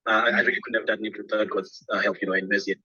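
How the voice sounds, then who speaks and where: A man's voice: lowish voice, little pitch movement, racing, sharp tone, slightly rough, no echo, dull audio. A man, a former soccer player, answering interview questions earnestly.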